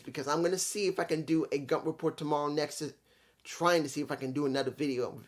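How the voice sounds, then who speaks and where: Animated man reviewing a wrestling event. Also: on the high side. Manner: animated, acts out quotes, restarts. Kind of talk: casual recap and opinion talk.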